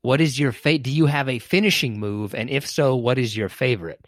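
A man asking interview questions in an easygoing, slightly halting way. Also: medium pitch, no echo, studio quality.

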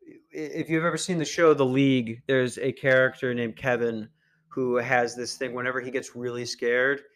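A man's voice: mid-range voice, fairly bright tone. A young man hosting a podcast, ranting casually in a crude, meandering and sarcastic way. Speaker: podcast host. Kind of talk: casual rant.

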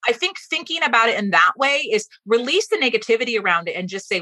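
A woman guest on a podcast interview, a fast-talking, animated storyteller giving advice. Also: on the high side, no echo. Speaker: guest speaking coach.

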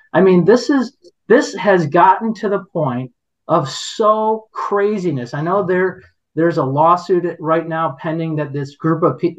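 A middle-aged man telling a story on a podcast in a rambling, indignant way, with many restarts. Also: fairly high pitch. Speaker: podcast guest. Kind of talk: casual conversational storytelling. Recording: dull lo-fi podcast audio.

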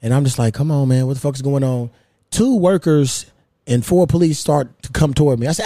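A man in his thirties hosting a casual podcast, telling a story in a lively, profane way. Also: on the high side, brisk, no echo, clean studio sound. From United States. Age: 30s. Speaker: podcast host.

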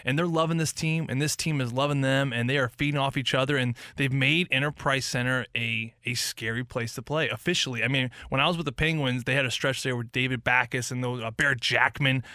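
A man who once played hockey chats about the game in an animated, story-telling way. His voice is bright and forceful. The sound is dry and close to the mic. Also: mid-range voice, brisk, few pauses, no room sound. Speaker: hockey analyst, former player. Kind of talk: casual sports talk.

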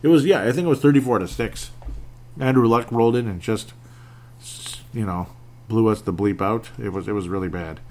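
A man talks alone into his home podcast microphone, wandering from point to point and laughing at himself. His voice sits fairly low, and small lip smacks creep in now and then. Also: brisk, darkish tone. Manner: rambling, self-deprecating, laughs often. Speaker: podcast host. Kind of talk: casual solo podcast monologue.

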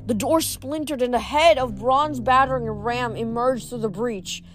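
A woman's voice: on the high side, a little slow, hardly any pauses, soft background music. A woman reading chapters of a novel aloud, often stumbling over words and restarting. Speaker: reader.

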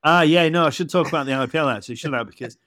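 A man's voice: a little high, rapid-fire, a bit bright, no echo, studio quality. A man in his forties from England, chatting casually on a podcast and acting out the dialogue of his stories. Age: 40s. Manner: chatty storyteller, laughs and acts out dialogue. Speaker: podcast co-host.

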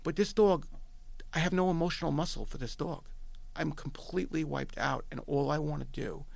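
A man's voice: on the high side, moderate pace, vocal fry, no room sound. A middle-aged man from New York with a New York accent, telling a story as a podcast guest, emphatic and repeating himself, quoting dialogue. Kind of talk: animated storytelling.

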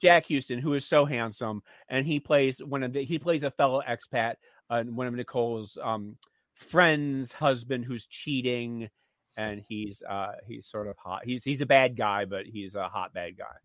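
A man co-hosting a radio talk show, chatting and recapping a TV series in an animated way, often stammering and restarting. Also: moderate pace, no room sound, clean studio sound. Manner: animated, acts out dialogue in shrill voices when retelling scenes. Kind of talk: casual chat reviewing a TV series.

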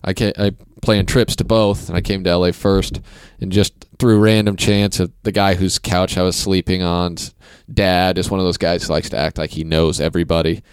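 A man in his thirties from Kansas City, hosting a podcast and telling rambling anecdotes with quick impressions. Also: low-pitched, little pitch movement, clear, resonant tone, no room sound. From Kansas City, USA. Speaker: podcast host. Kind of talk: casual chat, storytelling.

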